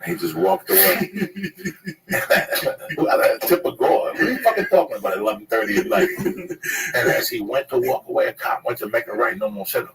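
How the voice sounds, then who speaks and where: A man's voice: medium pitch, big pitch swings, a little fast, creaky, distant mic, a little hiss or hum, low-quality recording. A man telling a rambling, profane story in casual chat, laughing at his own tale.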